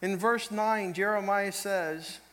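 A pastor's high, bright voice carries through the church as he preaches in short phrases. He is emphatic and now and then breaks into loud, shouted quotes. He waits after each line for an interpreter. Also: fairly even intonation, slow pace. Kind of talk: preaching a sermon with live interpretation.

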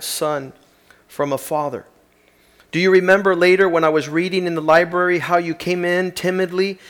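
A man's voice: on the high side, a bit bright. A man preaching a sermon, reading aloud with rising emphatic passion.

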